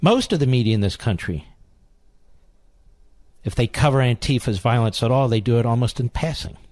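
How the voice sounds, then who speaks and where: A man's voice: medium pitch, animated, moderate pace, darkish tone, dry recording. A man hosting a talk radio show, delivering an indignant political monologue with heavy repetition.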